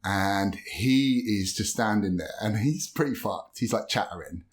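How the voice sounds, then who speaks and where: A man telling a story in casual podcast chat, animated and swearing, acting out what people said. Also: lowish voice, a little slow. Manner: animated, swearing, acts out quoted voices. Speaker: podcast guest.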